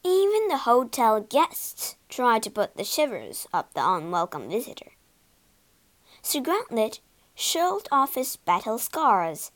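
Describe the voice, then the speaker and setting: A woman narrating a storybook with an expressive, dramatic reading. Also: on the high side, slow pace.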